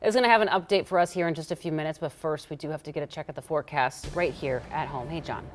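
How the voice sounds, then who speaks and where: A woman's voice: sits low, fast talker. A woman co-anchoring a morning TV news show in a casual, chatty way.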